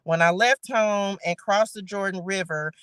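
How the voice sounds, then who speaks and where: A woman leads a casual livestream Bible study in a bright, forceful voice. She reads scripture aloud and breaks off to chat playfully with her viewers, laughing as she goes. The sound is dry, with no room echo. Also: medium pitch, moderate pace, clean tone. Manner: chatty and playful, laughing, talking straight to viewers.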